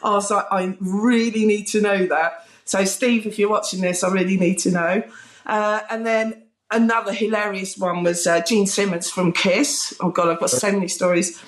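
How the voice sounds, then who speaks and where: A British woman, a former music TV presenter, telling lively anecdotes with frequent laughter in a casual interview. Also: medium pitch, normal speed, roomy sound. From Britain. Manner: bubbly, laughing, animated anecdotes with mimicked quotes.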